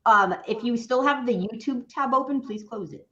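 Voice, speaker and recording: A woman's voice: a little high, normal speed, pushed and bright. Woman, career coach, wry and explanatory, lo-fi video call sound. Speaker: career coach, resume writer. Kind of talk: casual video-call chat.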